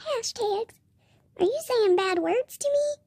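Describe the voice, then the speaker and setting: A very high, squeaky voice of a sad male mall cop in a bunny costume, as someone puts him on. He whines, begs and pities himself in a slow, drawn-out game role-play story, often near tears. The sound is close and dry. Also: lively intonation, a little mellow, no echo, heavily acted. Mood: mopey, weepy. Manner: whiny, self-pitying, pleading.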